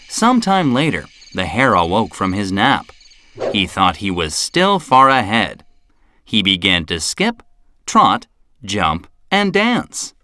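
A man narrating a children's storybook, slow and clear for young listeners. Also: on the low side, huge pitch swings, pushed and bright, slight background noise.

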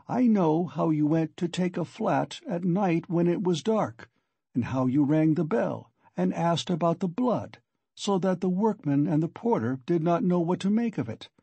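A man's voice: fairly high pitch, animated, moderate pace, mellow, slightly rough, dry recording, voice pushed up. A man reading an audiobook, voicing a probing male investigator who presses in a confiding, knowing tone. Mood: insinuating. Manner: pressing, confiding tone of someone who knows more. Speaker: audiobook reader. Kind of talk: audiobook reading of a classic novel.

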